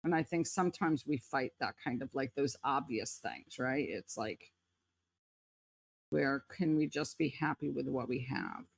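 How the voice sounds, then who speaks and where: A woman's voice: rumbling low, expressive, measured pace, vocal fry. A woman co-hosting a podcast, speaking thoughtfully and hedging her points with frequent "like" and "kind of.". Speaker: podcast co-host. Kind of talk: casual reflective chat.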